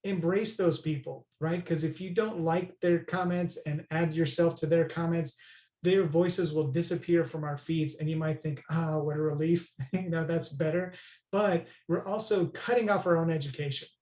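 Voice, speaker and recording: A man's voice: a little high, steady tone, normal speed, a little mellow, echoey room. A man speaking as a podcast guest, earnest and emphatic, often checking in with "right?". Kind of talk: conversational interview.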